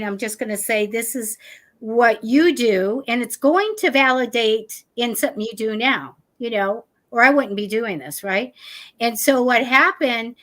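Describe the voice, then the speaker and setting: Female psychic host, casual storyteller, bright tense tone. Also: a little high. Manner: animated, chatty, acts out quotes. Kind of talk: casual storytelling on a live show.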